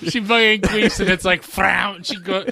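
A man's voice: high voice, fairly even intonation, moderate pace, creaky, a crowd in the background. A man chatting casually and throwing in crude jokes. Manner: joking interjections. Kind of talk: casual chat.

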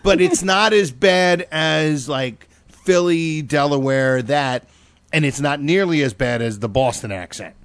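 A man's voice: a little high, measured pace, fairly bright tone, smooth, no room sound. Crude joking man, dry close mic. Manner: loose, joking, swearing freely. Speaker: podcast host. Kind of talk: crude casual banter.

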